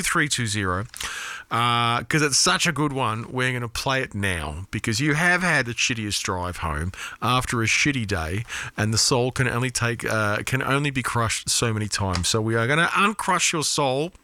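Bright-voiced, sweary radio host. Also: male voice, mid-range voice, dry recording. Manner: earnest, profane and consoling. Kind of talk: casual on-air chat taking listener requests.

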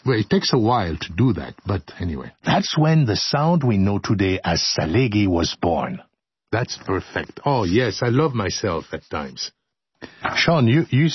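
A man's voice: mid-range voice, slightly rough, dull audio. A man hosting a radio show, joking his way through outtakes of his scripted narration. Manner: playful, joking, breaks into laughter and singing. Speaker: radio host.

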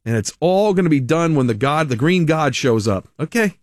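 A man's voice: on the high side, animated, moderate pace, no echo, studio quality. A man hosting a talk radio show, delivering a sarcastic, mocking monologue with frequent laughs.

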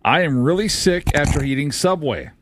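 A man's voice: on the high side, lively intonation, normal speed, fairly bright tone, a little hiss or hum. A male radio host reading listener stories aloud in a dry, mock-serious way, tossing in wisecracks.

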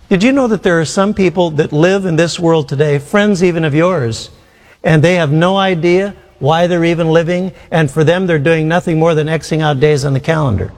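A man preaching a sermon, asking rhetorical questions and slowing down to stress key phrases. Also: a little high, darkish tone. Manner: rhetorical questions, emphatic with slow drawn-out phrases. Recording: long hall reverb.

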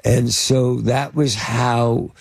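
An older man tells show-business stories in a gravelly, slightly husky voice. He stumbles through ums and false starts, circling back before landing each point. The sound is close and dry. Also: mid-range voice, steady tone, dry recording. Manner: halting, lots of fillers and restarts. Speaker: interview guest, film producer and actor. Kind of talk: anecdotal storytelling in conversation.

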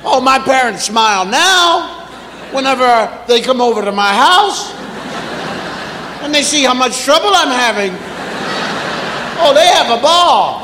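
High-voiced man doing live stand-up. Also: a little slow, pauses often, background noise. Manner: animated, acts out parents and children with repeated phrases. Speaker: stand-up comedian. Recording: echoey hall with audience.

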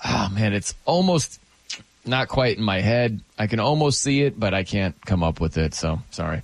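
This is a male host chatting through the small hours of a late-night show. His pitch sits mid-range but swings widely as he reacts. The sound is dry and close, with no room around it. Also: normal speed, creaky, no room sound. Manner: animated, exclaims often. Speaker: radio host. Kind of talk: casual late-night chat.

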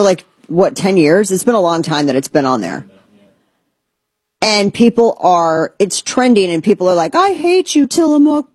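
A woman's voice: on the low side, darkish tone, husky, no echo. A woman hosting a talk show, giving blunt, sarcastic, rambling commentary. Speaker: podcast host. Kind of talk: opinionated casual commentary.

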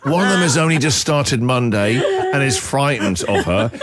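A man's voice: medium pitch, expressive, moderate pace, very noisy. A man hosting a breakfast radio show, teasing his producers in playful, bantering chat.

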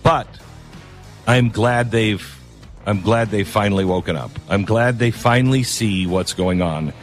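A man's voice: fairly low pitch, moderate pace, faint music behind. A man hosting a talk radio show, delivering a rambling, opinionated monologue with self-deprecating asides.

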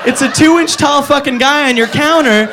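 A man's voice: extremely high pitch, normal speed, noisy background. A man doing a stand-up comedy routine, ranting in a profane, incredulous way and slipping into goofy voices.

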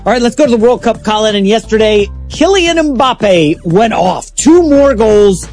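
A man co-hosting a sports talk show, chatting casually with quick asides. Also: sits high, expressive, a little mellow, faint music behind.

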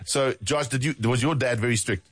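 A man's voice: mid-range voice, a little fast, dry recording. A man co-hosting breakfast radio, chatting and reassuring callers. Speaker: radio co-host.

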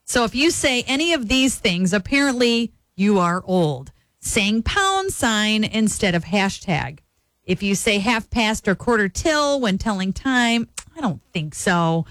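A woman radio host in casual on-air chat, reading out a list with quick chatty asides. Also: medium pitch, sing-song, fairly bright tone, no echo.

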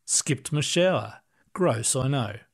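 A man reading short stories aloud in a calm, measured manner. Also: medium pitch, breathy edge. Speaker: narrator. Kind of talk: storybook reading.

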